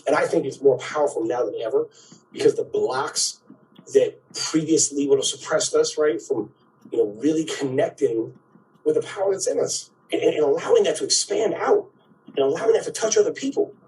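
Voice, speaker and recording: A man's voice: a little high, brisk, a little mellow, recorded from a distance, slight background noise, low-quality recording. A man giving a spiritual talk, who keeps checking in with "right?" and acts out quoted voices.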